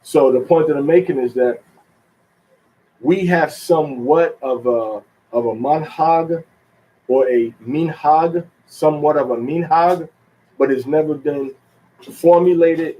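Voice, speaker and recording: A man teaching a religious lesson in an unhurried, halting way, with many fillers and restarts, drawing out the words he stresses. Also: mid-range voice, highs cut off. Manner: drawn-out stress on key words. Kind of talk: teaching talk.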